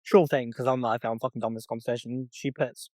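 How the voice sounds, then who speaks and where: Mid-range and level in tone, this young man's voice is a little mellow, and he talks fast with no room sound. Co-hosting a casual podcast, he reads out text messages to tell a story, cursing often along the way.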